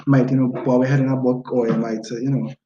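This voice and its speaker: Low-voiced Trinidadian woman co-host, reflective and halting, roomy sound with faint hiss. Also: level tone, warm tone, muffled recording. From Trinidad and Tobago. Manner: thoughtful, hesitant with fillers. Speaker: podcast co-host. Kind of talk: casual book review chat.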